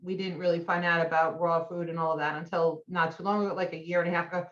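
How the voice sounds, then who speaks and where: A woman's voice: on the low side, little pitch movement, quick pace, fairly bright tone, reverberant, muffled recording. A woman co-hosting a casual chat, emotional and gushing. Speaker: podcast co-host, animal advocate.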